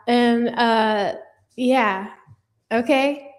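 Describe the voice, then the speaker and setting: A woman's voice: fairly high pitch, slow. A young adult woman hosting a casual livestream, chatting with viewers in a sassy, profane way with lots of fillers. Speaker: livestream news commentator.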